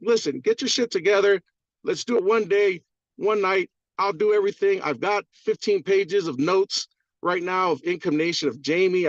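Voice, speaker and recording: Brief: excitable man, higher voice, swears freely, muffled dry video-call audio. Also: no echo. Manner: profane, rambling, fired-up. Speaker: caller on a community call. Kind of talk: excited testimonial on a group call.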